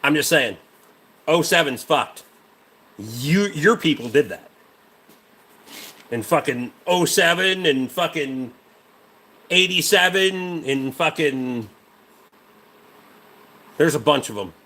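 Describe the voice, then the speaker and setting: A man's voice: a little high, lively intonation, slow pace, pauses often, sharp tone. A man hosting a casual livestream, a mechanic rambling about truck parts and swearing freely while answering chat.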